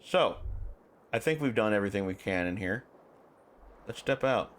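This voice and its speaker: A man's voice: lowish voice, expressive, normal speed, a little hiss or hum. A man streaming a video game, chatting casually, joking and reading lines aloud. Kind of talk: casual playthrough commentary.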